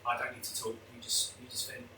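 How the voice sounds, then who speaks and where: A man's voice: medium pitch, completely flat delivery, fast talker, sharp tone, slight background noise. A man talking openly and emotionally as a guest, with many restarts. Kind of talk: candid conversational interview. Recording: echoey room, mic at a distance.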